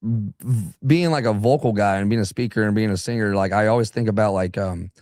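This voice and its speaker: A man's voice: fairly low pitch, fairly quick, darkish tone, no room sound, clean studio sound. A young adult man from southeastern Alabama, a singer chatting loosely as a guest on a radio show, restarting his sentences and now and then slipping into put-on voices. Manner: rambling, restarts, breaks into voices. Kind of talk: casual radio interview chat.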